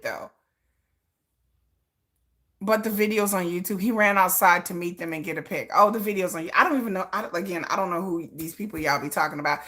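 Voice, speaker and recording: A woman's voice: fairly high pitch, sharp tone. A middle-aged woman hosting a casual livestream, chatting bluntly with viewers, swearing freely and laughing often. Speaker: livestream host.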